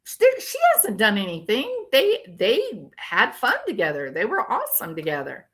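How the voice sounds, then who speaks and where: An older woman with a bright, crisp voice talks casually on her livestream. She rants about online drama and stops to react to what her viewers type, in a loose, chatty way. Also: mid-range voice, wildly swooping pitch, moderate pace. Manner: ranting, reacting to viewer comments. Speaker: true crime commentary host.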